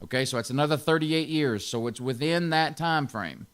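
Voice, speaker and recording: A man's voice: fairly high pitch, normal speed, fairly bright tone, smooth. A man pastor giving an informal Bible teaching, stressing key words and chuckling often.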